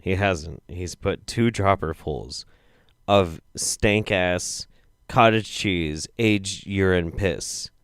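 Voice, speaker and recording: A young man hosting a comedic video roundup, reacting with profane, exasperated commentary that swings between low mutters and loud outbursts. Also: slow, smooth, dry recording, clean studio sound. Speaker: show host.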